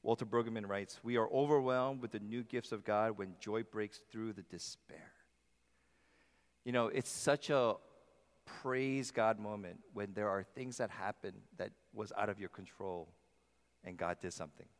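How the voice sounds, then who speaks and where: A male pastor preaching a sermon in a church, emphatic, swinging between loud passages and soft ones. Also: lowish voice, steady tone, unhurried. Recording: long reverb of a large hall.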